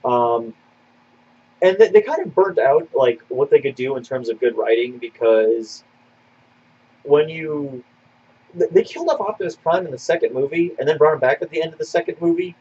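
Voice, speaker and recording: A man with a fairly high, husky voice talks in a loose, rambling way, full of fillers and restarts. He answers listener questions on a casual podcast. The sound is slightly muffled and lo-fi. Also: moderate pace, darkish tone. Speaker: podcast co-host.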